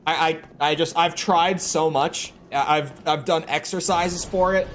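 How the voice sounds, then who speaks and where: A young American man chatting casually with his stream chat, rambling and stumbling over his words. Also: a little high. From United States. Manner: rambling, repeats words when starting sentences. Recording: clear background noise.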